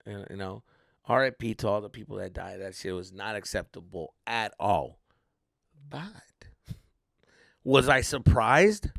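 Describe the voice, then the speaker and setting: A young adult man, a comedian hosting his podcast, telling a story in an animated, swearing style and acting out the voices. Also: fairly low pitch, measured pace, vocal fry, long pauses, no echo, studio quality.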